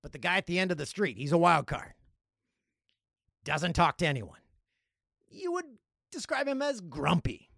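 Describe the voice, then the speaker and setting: A Canadian man hosting a casual solo podcast, jokey and animated, with loud playful outbursts. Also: on the high side, normal speed, creaky, long pauses, dry recording, studio quality. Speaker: podcast host.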